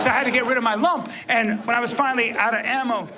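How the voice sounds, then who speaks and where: A man performing a stand-up story, animated and profane, breaking into shouts. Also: very high-pitched, fast talker, hardly any pauses, over a noisy crowd, heavy background noise. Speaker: stand-up comedian.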